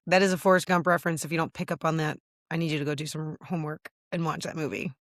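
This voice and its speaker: A woman's voice: sits low, steady tone, brisk, fairly bright tone, no echo, studio quality. A woman hosting her podcast, talking candidly and casually with lots of fillers, a little teary. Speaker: podcast host. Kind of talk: casual solo video check-in.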